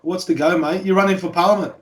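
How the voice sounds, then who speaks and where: A man's voice: high voice, fairly even intonation, fast talker. A man with an Australian accent hosting a casual podcast, joking in a matey way and swearing freely. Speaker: podcast host.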